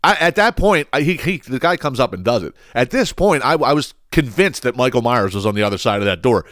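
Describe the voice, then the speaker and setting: Profane, animated man ranting. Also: mid-range voice, brisk, dry recording, clean studio sound. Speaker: podcast host. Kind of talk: casual comedic storytelling.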